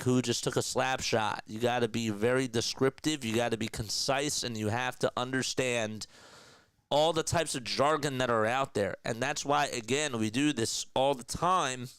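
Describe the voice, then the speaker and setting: A man calling a basketball game play-by-play on a home stream, getting loud and excited on big shots and chatting casually with viewers between plays. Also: mid-range voice, clean tone, no room sound. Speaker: play-by-play caller. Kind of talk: live basketball play-by-play with chat asides.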